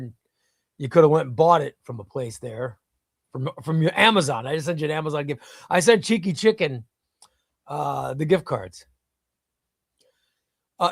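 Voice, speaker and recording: A man's voice: on the high side, gravelly, dry recording, studio quality. A man hosting a casual live stream, reading viewer chat and rambling, often repeating himself. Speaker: livestream host reading chat.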